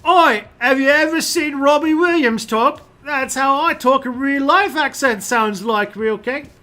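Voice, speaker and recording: A man voicing a loud, cocky British bloke in a mock British accent, in a boisterous, shouty way. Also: very high voice, a little slow, voice pushed up, exaggerated voice. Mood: brash.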